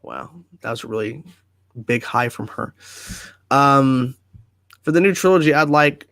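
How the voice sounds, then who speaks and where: A man's voice: medium pitch, fairly bright tone, no room sound, studio quality. A man hosting a casual livestream from home, chatting easily and reading viewer comments aloud before answering them. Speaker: livestream host.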